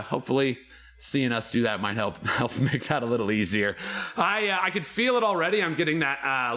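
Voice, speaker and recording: A man's voice: mid-range voice, bright, forceful tone. A man hosting and running a tabletop game, giving a sentimental, profane introduction. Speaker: game master and show host. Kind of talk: emotional show introduction.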